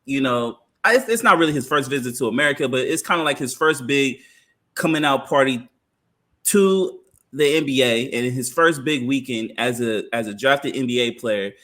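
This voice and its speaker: A young man co-hosting a podcast in casual, slang-heavy banter. His pitch swings widely as he talks, and his tone is bright and sharp. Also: normal speed. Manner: animated, slangy, laughs often. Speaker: podcast co-host. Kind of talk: casual chat.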